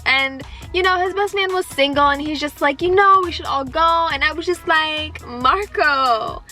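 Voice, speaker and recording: A woman's voice: high voice, sharp tone. A young woman answering viewer questions in a casual vlog, playful and joking as she chats. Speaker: vlogger.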